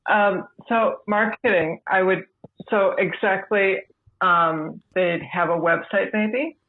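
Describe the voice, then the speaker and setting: A woman, a podcast guest, telling her own story in a measured, deliberate way over a remote line. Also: mid-range voice, fairly even intonation. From United States. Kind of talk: personal storytelling. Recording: tinny phone-like remote line.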